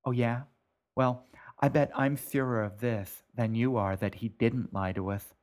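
A man's voice: medium pitch, steady tone, measured pace, darkish tone, natural voice. A man reading as a sarcastic bored teen girl. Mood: irritable. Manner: snappy, sarcastic.

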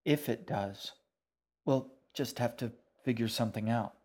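A man's voice: mid-range voice, a little slow, darkish tone, natural voice. A man voicing a firm, protective boy. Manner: firm, matter-of-fact. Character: stubborn protective boy, guarded.

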